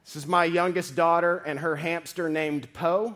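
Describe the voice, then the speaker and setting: Brief: male pastor, slightly higher voice, preaches with big swings between loud and hushed. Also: fairly even intonation, moderate pace. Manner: dramatic scripture reading. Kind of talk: sermon.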